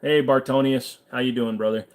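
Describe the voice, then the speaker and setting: A man's voice: mid-range voice, fairly even intonation, normal speed. A tired man hosting a livestream in a casual, laid-back way, reading viewer comments aloud and answering them. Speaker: livestream host.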